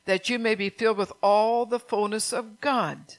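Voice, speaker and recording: A woman's voice: medium pitch, steady tone, normal speed. An older woman preaching an earnest sermon, reading scripture aloud and asking her congregation questions.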